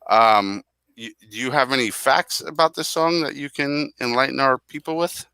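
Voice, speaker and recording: A man's voice: medium pitch, normal speed, pushed and bright, clean tone, no room sound. A middle-aged man co-hosting a casual music podcast, talking earnestly and drifting into tangents. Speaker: podcast co-host.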